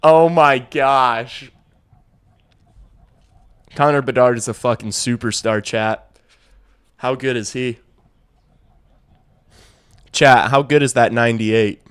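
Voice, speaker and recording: A young man runs a hockey watch-along stream, casually calling the play-by-play, swearing freely and talking to his chat. He speaks slowly with frequent pauses, and his medium-pitched voice is smooth and a bit bright.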